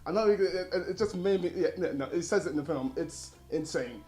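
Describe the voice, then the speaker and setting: A young man giving an animated, rambling film review, often laughing. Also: high voice, a little fast, roomy sound, soft background music. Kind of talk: casual film review chat.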